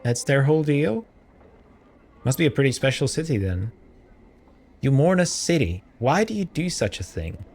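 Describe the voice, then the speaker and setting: A man hosting a let's play of a role-playing game, reading the game's text and thinking out loud in a casual, jokey way, often stopping to correct himself. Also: medium pitch, very animated, normal speed, pauses often. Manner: musing aloud, jokey and self-correcting. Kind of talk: casual gameplay commentary.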